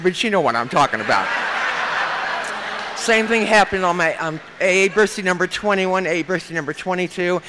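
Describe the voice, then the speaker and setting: An older woman speaks at a podium mic in a meeting room, telling her recovery story. Her voice is forceful and bright, and she has a frank, folksy, joking way of talking. She keeps calling the crowd "you guys.". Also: fairly low pitch, a little hiss or hum. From Nebraska, US.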